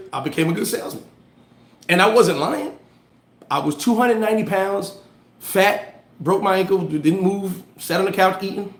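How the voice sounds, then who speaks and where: Livestream host, male, higher-pitched, slangy storyteller giving motivation, echoey room. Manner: animated storytelling with street slang; reads and answers viewer comments. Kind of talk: casual motivational live chat.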